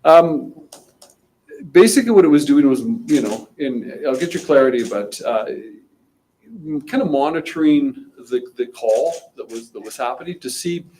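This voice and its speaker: A man speaking as mayor at a press conference, measured and often restarting his phrases. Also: medium pitch, expressive, dark tone, slight background noise, poor audio. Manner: measured, restarts and repeats words.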